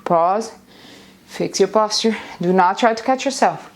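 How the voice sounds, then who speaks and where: At home near a busy street, a woman with a mid-range voice runs a live workout class in an unhurried way. She gives energetic coaching cues and counts down, sometimes short of breath.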